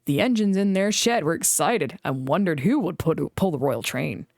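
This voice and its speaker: A woman reads a children's storybook aloud with animated expression and a lively, swinging pitch. The recording is dry and close, with no room sound. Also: normal speed, no echo. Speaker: storybook reader. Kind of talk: reading a children's book aloud.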